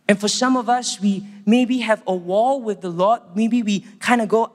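A man's voice: high-pitched, fairly even intonation, normal speed, hardly any pauses. Man preaching in an echoey hall. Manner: earnest, conversational preaching with acted-out quotes. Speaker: pastor. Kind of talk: sermon.

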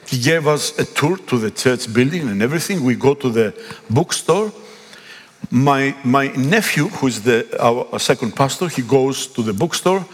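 Animated Greek-accented pastor preaching. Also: male voice, mid-range voice, normal speed, breathy edge. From Greece. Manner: animated, emphatic, acts out dialogue. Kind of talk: sermon storytelling. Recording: echoey hall.

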